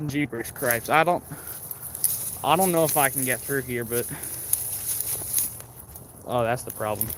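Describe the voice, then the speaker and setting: Rambling man livestreaming in the woods. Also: medium pitch. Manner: rambling, halting, many fillers and restarts. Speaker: livestream host. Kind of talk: casual livestream chat while walking. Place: outdoors in woods by a creek. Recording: faint outdoor background noise.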